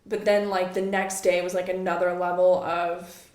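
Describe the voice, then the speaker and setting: A woman's voice: fairly low pitch, little pitch movement, moderate pace, darkish tone, roomy sound. A woman co-hosting a casual podcast conversation, reflecting and prompting her partner with questions. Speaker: podcast co-host.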